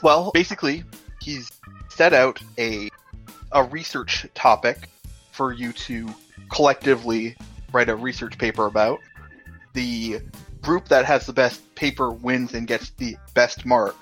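A man hosting and running a tabletop role-playing game online, talking casually with frequent pauses and fillers. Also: medium pitch, faint music behind. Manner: relaxed, hesitant with many uhs. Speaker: game master and host. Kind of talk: casual actual-play narration.

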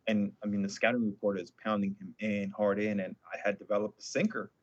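Husky low-voiced man chatting casually. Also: a little fast, dry recording. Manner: relaxed, with many fillers and restarts. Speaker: former baseball pitcher. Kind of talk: casual chat. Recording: muffled lo-fi audio.

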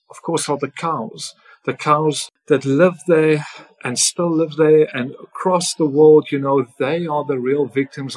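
A man's voice: medium pitch, husky, rough recording. A man being interviewed as a podcast guest, telling his story in earnest first person and often ending sentences with "right?". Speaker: podcast guest, former farm worker.

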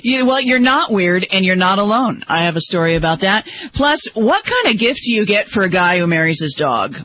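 Bright high-voiced man teasing on radio. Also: very animated, fairly quick, a little hiss or hum. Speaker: news segment presenter. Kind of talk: casual radio chat.

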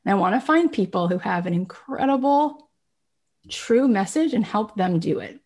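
Animated woman telling motivational stories. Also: mid-range voice, normal speed. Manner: animated storyteller, acts out quoted voices. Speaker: podcast host. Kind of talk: motivational talk.

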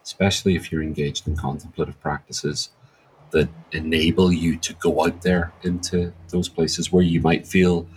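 A man's voice: low-pitched, level tone, normal speed, a little hiss or hum, rough recording. A man speaking as an interview guest, reflective and searching for words as he talks. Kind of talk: thoughtful interview answer.

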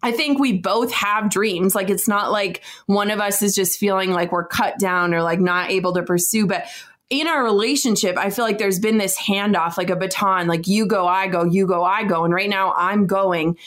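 A woman's voice: mid-range voice, normal speed, a bit bright. A woman in her thirties, co-hosting a casual chat with her husband, talking freely, laughing often and saying "like" a lot. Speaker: podcast co-host.

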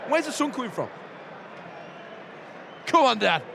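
A man's voice: very high-pitched, sing-song, unhurried, gravelly. A man co-hosting a fan podcast at a football ground, teasing his co-host and reacting to the match. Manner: teasing, playful. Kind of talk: joking match-day banter. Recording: outdoor crowd and traffic noise.

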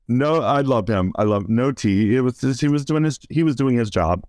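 A man's voice: medium pitch, expressive, moderate pace, darkish tone, dry recording, studio quality. A middle-aged man, a stage performer, chatting animatedly in an interview and retelling moments with acted-out quotes and lots of "like". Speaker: guest, stage performer and director. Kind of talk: casual podcast interview storytelling.

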